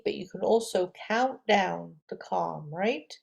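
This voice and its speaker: A woman yoga teacher gently leading affirmations and breathing for a guided meditation. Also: on the low side, vocal fry. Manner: gentle, slow, encouraging, with audible breaths.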